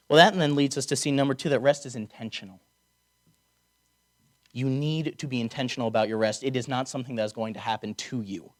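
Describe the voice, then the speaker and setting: Guy giving a chapel sermon, chatty, drops wry jokes, slows way down on the key words. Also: mid-range voice. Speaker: preacher. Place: chapel or auditorium.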